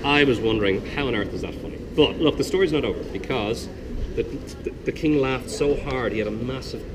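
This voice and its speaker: A man working as a walking tour guide, telling a story to his group in a chatty, animated way, outdoors in old city streets. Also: mid-range voice, fairly quick. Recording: outdoor street noise, passing traffic.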